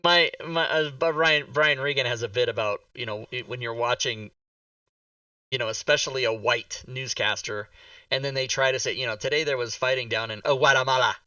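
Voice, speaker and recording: A man's voice: mid-range voice, moderate pace, sharp tone, no echo. A man from the Pacific Northwest with a light regional accent, chatting and joking as the host of a livestream. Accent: Pacific Northwest American. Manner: joking, rambling, reads chat aloud. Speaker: streamer host. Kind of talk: casual livestream chat. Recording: dull distant mic.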